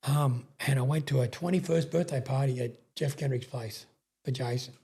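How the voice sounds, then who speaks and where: Middle-aged Australian man, husky and mellow, loose rambling storyteller who swears and restarts sentences. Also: mid-range voice, moderate pace. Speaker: guest, sprintcar racing veteran. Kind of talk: casual storytelling interview.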